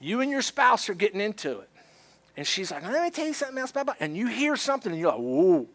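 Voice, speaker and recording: A male pastor preaching a sermon, animated and acting out both sides of everyday arguments. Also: high voice, fast. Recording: church service.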